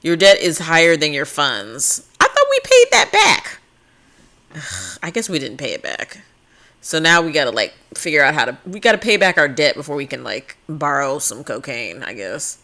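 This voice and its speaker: A woman's voice: sits low, lively intonation, normal speed, bright, forceful tone. A woman giving casual, rambling commentary on a life-sim game and giggling often. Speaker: let's play host.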